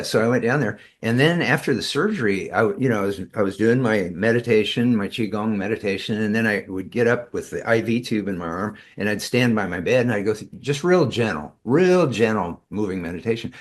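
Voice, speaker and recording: A tai chi teacher guests in a casual interview, telling rambling stories with many fillers and restarts. His voice is fairly low, a little fast, with few pauses.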